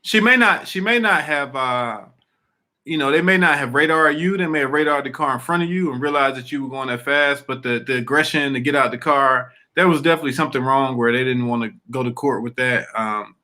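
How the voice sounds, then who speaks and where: A man's voice: medium pitch, fairly quick, pushed and bright. A man co-hosting a podcast, answering a story with laid-back, easygoing banter. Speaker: podcast co-host. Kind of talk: casual chat.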